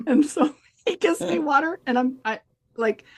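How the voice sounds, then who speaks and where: With a crowd audible behind her, this podcast co-host talks in a high voice at a moderate pace. She tells a story conversationally, bringing the quoted dialogue to life by performing each person's voice.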